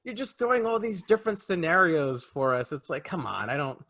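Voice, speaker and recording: A man's voice: fairly high pitch, very animated, a little fast, a bit bright. A man co-hosting a casual film review podcast, ranting emphatically about a movie. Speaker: podcast co-host.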